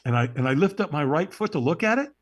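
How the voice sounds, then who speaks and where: Animated man telling a dramatic story. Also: on the high side, quick pace. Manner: animated, dramatic storyteller who acts out the moments; checks in with tag questions like "right?". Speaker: interview guest. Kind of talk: storytelling in a podcast interview.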